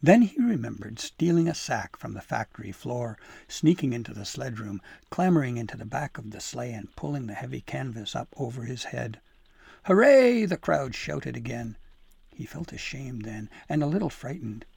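Male audiobook narrator, gravelly and husky, dry close recording. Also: mid-range voice, no echo. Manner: measured, expressive reading. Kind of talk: storybook narration.

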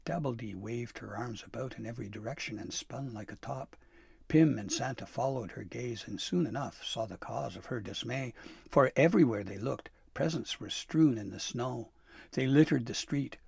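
A man reading a storybook aloud in a soft, unhurried narration, gravelly and husky. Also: medium pitch, no room sound, clean studio sound.

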